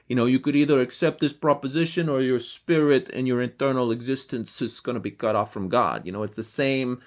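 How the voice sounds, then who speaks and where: A man hosting a podcast and commenting in a casual, critical tone, with the odd um along the way. His voice sits in a mid range. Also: medium pitch. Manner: conversational and critical, with ums and throat-clearing. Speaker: podcast host.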